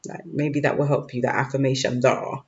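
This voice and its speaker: A man's voice: mid-range voice, little pitch movement, brisk. A man giving a casual tarot reading to camera, informal and slangy, often checking in with "okay?". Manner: informal, peppered with "okay?" and "like", loose slangy phrasing. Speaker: tarot reader. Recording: dull lo-fi recording with faint noise.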